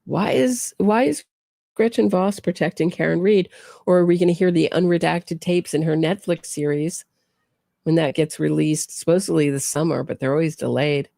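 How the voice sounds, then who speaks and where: A woman's voice: deep voice, fairly even intonation, moderate pace, gravelly, dark tone, dry recording, studio quality. A woman hosting a true crime show, giving sarcastic, incredulous commentary full of pointed questions. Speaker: true crime podcast host.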